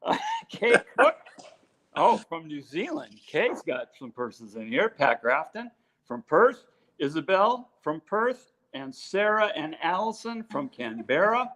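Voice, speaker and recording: A man's voice: a little high, very animated, takes it slowly, a bit bright. Chatty man reading names on a live stream. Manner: chatty, joking, many fillers. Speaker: co-host reading out purse makers' names. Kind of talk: casual live-stream chat.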